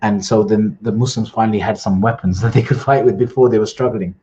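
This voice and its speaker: A man's voice: on the low side, steady tone, fast talker, mellow, dull audio. A man in a livestream, casually retelling historical stories and quoting people with "he goes", often restarting his phrases. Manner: informal retelling, voices quotes with "he goes", frequent restarts. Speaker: student storyteller at a livestream. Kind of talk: casual storytelling. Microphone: home computer mic on a livestream.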